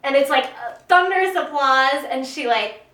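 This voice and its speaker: A woman's voice: high voice, normal speed, bright, forceful tone, reverberant, distant mic. A woman casually and playfully retelling a story for laughs, rambling as she goes.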